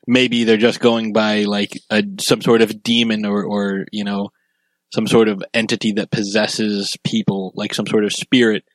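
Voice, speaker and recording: A man co-hosting a casual podcast chat about a film, relaxed and agreeable, with lots of fillers. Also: on the low side, normal speed, dry recording, rough recording. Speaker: podcast co-host.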